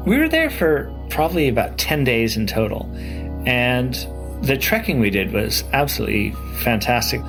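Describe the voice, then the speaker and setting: A man telling travel stories in a relaxed interview manner, enthusiastic and repeating words as he goes. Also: medium pitch, moderate pace, vocal fry, music in the background. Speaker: adventurer recounting his trip. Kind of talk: casual interview storytelling.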